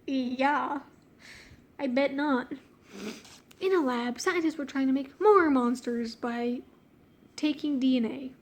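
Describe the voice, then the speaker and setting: A woman's voice: sits high, slow, pauses often. A woman reading her own childhood story aloud, breaking off to mock it in a slangy, giggly way. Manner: giggly, slangy and self-mocking; easily distracted, breaks off mid-sentence. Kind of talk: reading aloud with joking commentary.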